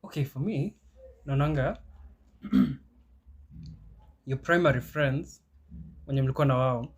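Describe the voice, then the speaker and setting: A man's voice: mid-range voice, takes it slowly, breathy edge. A young man with a Kenyan accent, co-hosting a casual podcast chat, mixing English and Swahili slang and laughing often. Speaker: podcast co-host.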